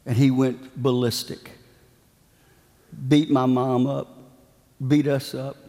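A man's voice: medium pitch, level tone, slow, dark tone, big-room sound. A man preaching a sermon, telling a story with dramatic, emphatic repetitions.

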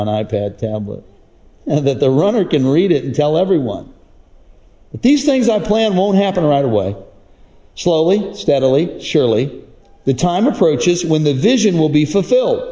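A man with a fairly high but dark, mellow voice preaching a sermon. He tells stories and keeps calling on the congregation to answer, his pitch leaping up for emphasis. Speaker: pastor. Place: church across several campuses.

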